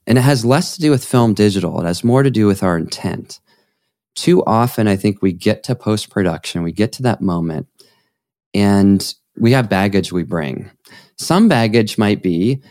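A man with a fairly low voice talks on a podcast, rambling through his thoughts with bursts of enthusiasm. The sound is dry and close, with no room around it. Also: normal speed, no echo. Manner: enthusiastic, rambling, animated storytelling. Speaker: podcast guest, photographer. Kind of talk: conversational interview.

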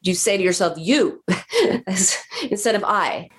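A woman therapist on a podcast, explaining calmly and acting out what patients say to themselves. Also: mid-range voice, measured pace. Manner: explanatory, acts out patients' self-talk. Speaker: therapist guest. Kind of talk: podcast conversation.

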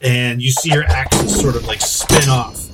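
A man's voice: medium pitch, steady tone, a little slow, far from the mic, very noisy. A man running a tabletop game as game master, describing scenes in a rambling way with lots of hesitations. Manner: rambling, full of hesitations and "sort of, like".

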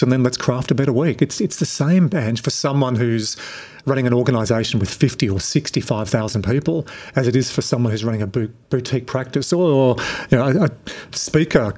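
A middle-aged Australian man with a relaxed, conversational manner, answering interview questions as a productivity coach. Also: medium pitch. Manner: relaxed, conversational, frequent restarts.

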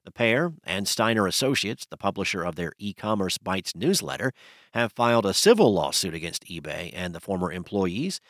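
A man hosting a news podcast, reading a scripted bulletin in a steady, measured way. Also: low voice, no room sound, studio quality.

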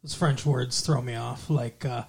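A man's voice: mid-range voice, steady tone, unhurried, creaky, a little mellow, husky. A man co-hosting a podcast in casual, teasing chat with his fiancée, chuckling often. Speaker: podcast co-host.

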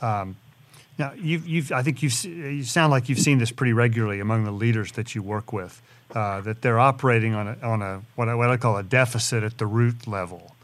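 Halting male interviewer asking long questions. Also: medium pitch. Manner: hesitant, many restarts and fillers while framing questions. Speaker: interviewer host.

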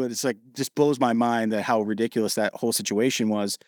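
Fast-talking animated man telling stories. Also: mid-range voice, dry recording, clean studio sound. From Ohio, US. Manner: animated, acts out quoted dialogue. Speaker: podcast guest. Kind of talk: storytelling in a podcast interview.

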